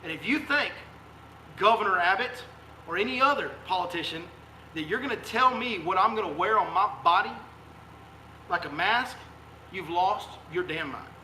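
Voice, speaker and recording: Fiery high-voiced man ranting. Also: expressive, moderate pace, pauses often, sharp tone, a little hiss or hum. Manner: fiery, emphatic, repeats rhetorical questions. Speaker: fishing guide and live-stream host. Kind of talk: heated political rant on a live stream. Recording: echoey room sound.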